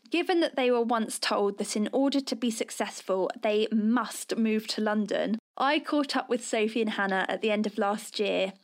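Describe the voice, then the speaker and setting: A woman host with a slight lisp who speaks in a higher-pitched voice. She is gushing and enthusiastic, reads her introduction from a script and then moves into casual, self-deprecating chat. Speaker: podcast host.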